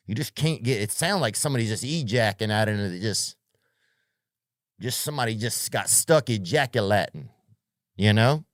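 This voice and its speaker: Male comedian, podcast monologue, rambling and profane, low-ish voice, dry sound. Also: expressive, normal speed, no echo. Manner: profane, rambling, full of restarts and tangents; slangy.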